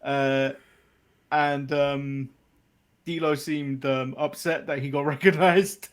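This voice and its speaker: A man's voice: fairly high pitch, fairly even intonation, takes it slowly. A man from the UK hosting a podcast, recapping events casually and laughing often. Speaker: podcast host.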